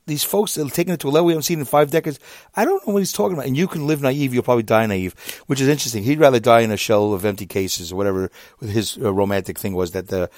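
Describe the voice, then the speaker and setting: A man in his fifties, a podcaster, telling a long casual story about an online argument, exasperated and animated, his voice often jumping up high. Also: racing, dry recording, clean studio sound. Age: 50s. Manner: animated, exasperated, with sudden jumps up in pitch; reads out messages.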